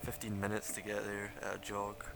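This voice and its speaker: A man's voice: on the low side, completely flat delivery, fairly quick, vocal fry, a bit bright, soft background music. A man running a tabletop game as game master, narrating loosely with lots of fillers and laughs. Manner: rambling, laughing, many fillers.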